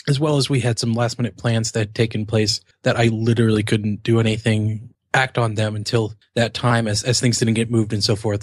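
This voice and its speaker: A man's voice: mid-range voice, no echo, studio quality. A man co-hosting a casual gaming podcast, telling a story in a meandering way with frequent self-corrections. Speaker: podcast co-host.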